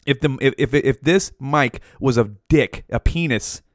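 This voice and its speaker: Speaking a little slowly in a medium-pitched voice, a man in his forties rants with constant swearing on his solo podcast. He's in a small room at home, right up against the mic, and the studio-quality audio carries no room sound.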